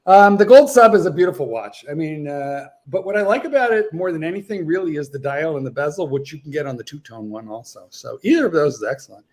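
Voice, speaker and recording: A man chatting on a livestream panel in an animated way, with a lot of hesitant fillers. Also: on the high side, quick pace, hardly any pauses. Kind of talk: casual chat.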